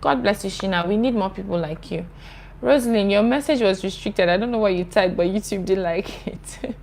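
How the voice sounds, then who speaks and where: A woman's voice: medium pitch, a little fast, a little mellow. A young woman from Nigeria, hosting her channel, reading out viewer comments and answering them in an earnest, impassioned, chatty way. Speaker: YouTuber host.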